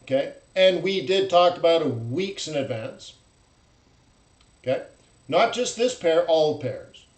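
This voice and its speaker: Blunt, animated man in a roomy room. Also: on the high side, measured pace, long pauses. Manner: animated, blunt, acts out traders' voices in loud mocking bursts. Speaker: forex trading host. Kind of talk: live-stream market commentary.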